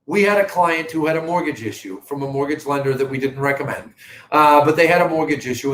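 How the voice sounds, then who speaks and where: A man's voice: fairly high pitch, a bit bright, reverberant, slight background noise, poor audio. A middle-aged man with a Boston accent hosting a live real estate update, talking to viewers in an earnest, emphatic sales manner. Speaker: real estate company host. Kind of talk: live video market update.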